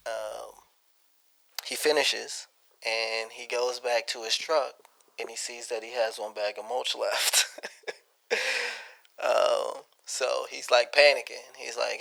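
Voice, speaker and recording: A man's voice: medium pitch, fairly even intonation, creaky, sharp tone, low-quality recording. Laid-back man in casual podcast chat. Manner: laid-back, tells long jokes with slow pauses. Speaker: podcast co-host.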